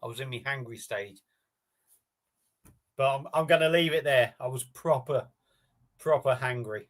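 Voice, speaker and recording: A man hosts a relaxed live stream, talking off the cuff to viewers. His delivery is rambling and matey, with easy swearing thrown in. His voice sits at an ordinary middle pitch. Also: moderate pace. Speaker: beer review streamer. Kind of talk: casual live-stream chat.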